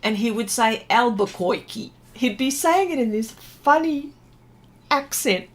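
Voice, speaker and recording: Slow-talking woman, higher voice. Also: animated. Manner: chatty, reads viewer comments aloud, laughs often, slow and meandering. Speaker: art livestream host. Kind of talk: casual livestream chat while painting.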